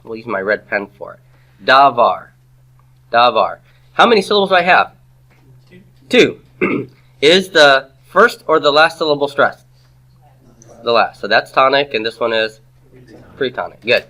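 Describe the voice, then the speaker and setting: A man's voice: medium pitch, lively intonation, moderate pace, pauses often, sharp tone. A man giving a classroom grammar lecture, patient, asking the class questions and repeating their answers. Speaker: Hebrew grammar teacher.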